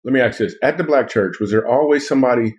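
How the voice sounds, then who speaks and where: Fast-talking joking man. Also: mid-range voice, darkish tone, lo-fi sound. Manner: joking, playful, rambling. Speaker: podcast host and author. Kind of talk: casual comedic chat.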